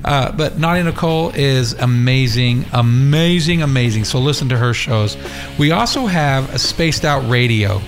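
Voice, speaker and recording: A man's voice: animated, moderate pace, faint music behind. A man hosting an internet radio show, ranting angrily with heavy swearing, then chatting casually about upcoming shows. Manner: yelling, swearing, raising pitch in anger. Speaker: podcast host. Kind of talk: angry profane rant.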